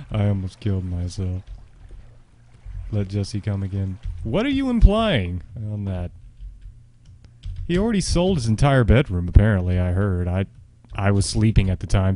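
A man doing casual game commentary on a live stream, chatty with viewers and a co-player, breaking into panicked yelps and shouts. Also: lowish voice.

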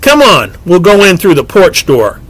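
A man voicing a mysterious, sly boy who speaks smoothly and mockingly. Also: wildly swooping pitch, moderate pace, a bit bright, heavily acted. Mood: brisk. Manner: silky, mocking, sometimes shrill.

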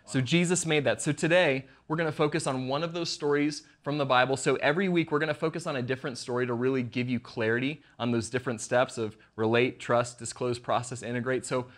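A man's voice: medium pitch, fairly even intonation, quick pace, hardly any pauses. A man preaching a casual online sermon as pastor, conversational and jokey, acting out the lines he quotes.

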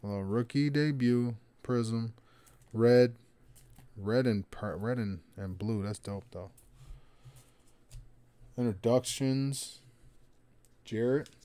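A man hosting a card break, casually calling out players with slangy, excited remarks and muttered asides. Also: mid-range voice, slow, long pauses. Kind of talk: casual card-opening commentary.

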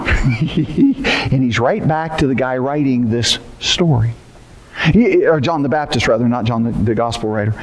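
A man's voice: mid-range voice, unhurried. A male pastor preaching a sermon in a church, retelling scripture in casual everyday language with a joking touch. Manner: conversational, paraphrases scripture in everyday talk with humor. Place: church sanctuary. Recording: long reverb of a church hall.

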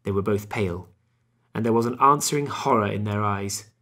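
A man narrating a classic novel as an audiobook in a measured, steady way. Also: on the low side.

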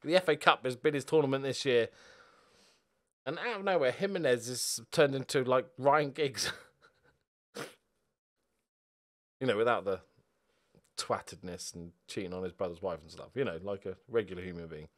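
A young man giving a football video game live commentary, excitable and sweary, moving between quiet muttering and loud outbursts. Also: mid-range voice, normal speed, long pauses. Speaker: gaming video host.

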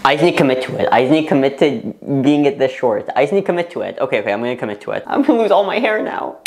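A young man vlogging casually to the camera in a bathroom. His nervous, excitable chatter breaks into squeals and laughter. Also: medium pitch, rapid-fire, vocal fry, hardly any pauses, slight background noise. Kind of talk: casual vlog talking to camera. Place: parents' bathroom, indoors.

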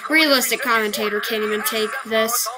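A woman's voice: a little high, steady tone, brisk, background noise. A woman giving comedic reaction commentary on a wrestling show, complaining in an exasperated, melodramatic way.

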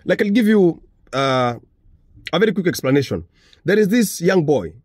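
Husky, mellow-voiced man from Africa. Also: fairly high pitch, big pitch swings, moderate pace, no room sound, studio quality. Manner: earnest, repeats his points. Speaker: commentator. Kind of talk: casual commentary to camera.

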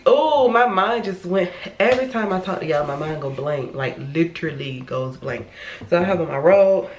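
A woman's voice: fairly low pitch, animated, moderate pace, highs cut off. A woman vlogger from Florida chatting casually at home, rambling and often correcting herself mid-sentence. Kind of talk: casual vlog chat. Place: her home. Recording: echoey room with faint noise.

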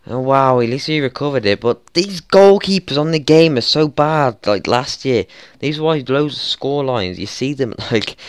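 A young man with a smooth voice commentating his football management game, frustrated and swearing, with exasperated outbursts. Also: medium pitch, no room sound, clean studio sound. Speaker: gaming YouTuber.

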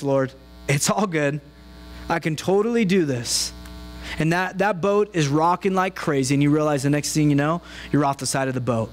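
A man's voice: high voice, rough recording. A man preaching a sermon in a conversational style, acting out the prayers and complaints he quotes. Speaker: pastor. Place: church sanctuary.

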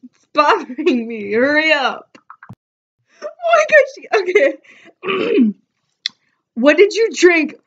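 A young woman talks through a casual vlog, giggling between lines as she reads her texts aloud. Her voice sits high and her pace is very slow and drawn out. The recording is a bit dull and muffled. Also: sing-song, a bit bright. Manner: giggly, laughs often while reading texts aloud. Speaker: vlogger.

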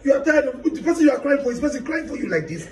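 A man's voice: very high voice, sing-song, racing, a little mellow. A man firing off scolding, challenging questions. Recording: roomy and from a distance, faint noise.

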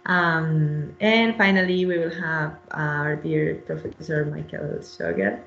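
A woman's voice: low voice, steady tone, slow pace, gravelly, fairly bright tone, echoey room, dull audio. A woman researcher presenting in a webinar, speaking hesitantly with many fillers and restarts.

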